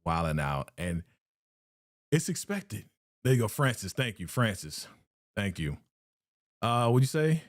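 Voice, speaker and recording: Animated man hosting a live reaction. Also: lowish voice, measured pace, long pauses, no room sound, studio quality. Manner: animated, laughing, chatty, repeats himself. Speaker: live-stream reaction host. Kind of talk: excited live reaction recap.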